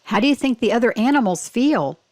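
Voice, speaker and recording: A woman reading a picture book aloud for children, slow and clear, stopping to ask simple questions. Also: on the high side, expressive, darkish tone.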